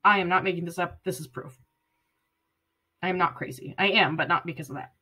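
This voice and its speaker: A woman's voice: fairly low pitch, brisk, pushed and bright, slightly rough. A woman in her late thirties, talking to the camera in a personal vlog, rambling and earnest and close to tears. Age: 30s. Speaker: vlogger.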